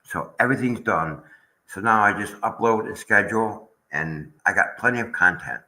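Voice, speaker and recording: Bright-voiced aggrieved man hosting a stream. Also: on the low side, normal speed, poor audio. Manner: aggrieved, rambling, talks to chat viewers. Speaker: channel host. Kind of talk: casual livestream chat.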